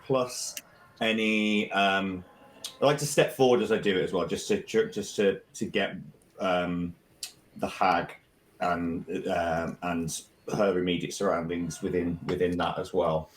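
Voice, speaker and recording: A man playing a tabletop game, describing his character's actions in a halting, hesitant way. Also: low-pitched, fairly even intonation. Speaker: player. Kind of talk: casual tabletop play.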